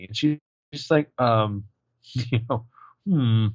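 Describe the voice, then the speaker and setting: A man co-hosting a recap podcast in a casual chat, animated and swearing as he retells scenes. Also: mid-range voice, takes it slowly, no echo, highs cut off. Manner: animated, swearing, jumping into voices for quoted lines. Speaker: podcast co-host recapping a TV episode.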